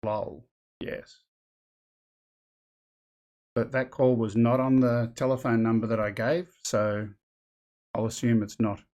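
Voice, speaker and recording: A man chats through a live stream in a loose, rambling way, thinking aloud as he goes. His voice sits at an ordinary middle pitch for a man. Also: level tone, takes it slowly, long pauses, a little mellow. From Australia. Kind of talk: casual live stream chat.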